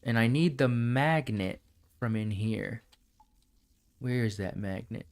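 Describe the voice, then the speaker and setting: A man's voice: mid-range voice, takes it slowly, a little mellow. Chatty man thinking aloud while gaming. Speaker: streamer. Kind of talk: casual live-stream gaming chatter.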